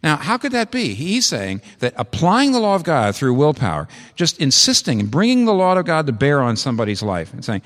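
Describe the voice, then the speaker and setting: A man's voice: mid-range voice, a little fast, few pauses. Guy preaching a sermon, punchy repeated lines, voice swoops up and down, echoey hall. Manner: animated, emphatic, repeats phrases for effect.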